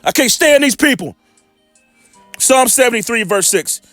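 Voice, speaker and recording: Man preaching, high lively voice, heated and profane, dry close sound, faint music behind. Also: normal speed, no echo. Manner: heated, profane, rambling asides. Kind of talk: informal scripture commentary.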